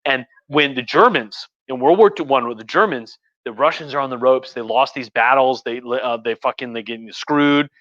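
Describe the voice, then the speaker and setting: A man talks at normal speed with few pauses, his medium-pitched voice a bit bright, recorded without echo on dull, muffled audio. He's hosting a casual history livestream from a room at home, tipsy from wine, swearing crudely and rambling with restarts.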